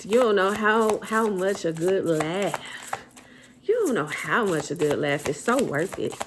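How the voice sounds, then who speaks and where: A woman's voice: lowish voice, unhurried, background noise. A woman giving a tarot card reading straight to camera, blunt and motherly, dishing out tough love and calling the listener baby. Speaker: tarot reader, channel host.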